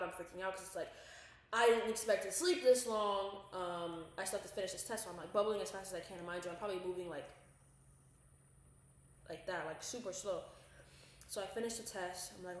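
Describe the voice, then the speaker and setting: A woman's voice: medium pitch, brisk. A young woman co-hosting a podcast, telling a wild story in casual chat, swearing often and acting out what people said. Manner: animated, swears a lot, acts out quotes. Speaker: podcast co-host. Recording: very echoey room.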